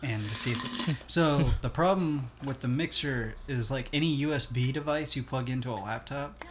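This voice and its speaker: A man's voice: mid-range voice, moderate pace. Rambling man, swearing, noisy home recording. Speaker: co-host and player. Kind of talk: casual chat over gameplay.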